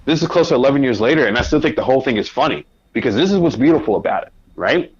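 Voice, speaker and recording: Man guest, mid pitch, animated storyteller, lo-fi dull sound. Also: racing, husky. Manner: animated anecdote with quoted asides. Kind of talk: casual storytelling. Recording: dull lo-fi audio.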